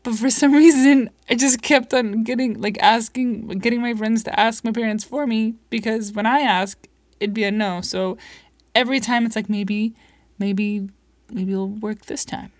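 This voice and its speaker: A woman's voice: fairly high pitch, normal speed, no room sound, studio quality. A young woman chatting casually as a podcast co-host, telling a story and acting out the people in it. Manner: animated, acts out quoted voices.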